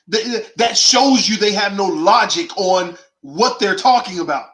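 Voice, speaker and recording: A man riffs through an emphatic, preachy monologue, firing off rhetorical questions in slangy talk. His voice sits high and swoops up and down. The room around him rings with echo. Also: animated, unhurried, few pauses, fairly bright tone. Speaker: host of a call-in sports show. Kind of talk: animated opinionated monologue.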